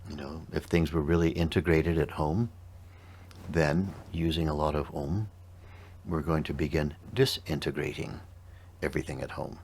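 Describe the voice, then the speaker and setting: Male meditation teacher, extremely low voice, calm and unhurried in explanation. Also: slight background noise.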